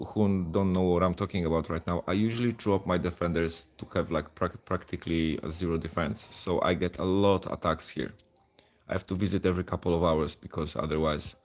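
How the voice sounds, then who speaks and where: A deep, gravelly man from Poland gives live gameplay commentary. He rambles in a loose, chatty way and often pokes fun at himself. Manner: rambling, chatty, self-deprecating. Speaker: mobile game streamer.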